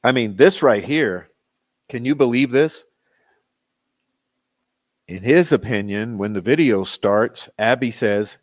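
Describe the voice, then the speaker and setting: A man's voice: medium pitch, slow pace, pauses often. A man hosting a true-crime commentary channel, talking in a skeptical, exasperated way. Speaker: channel host.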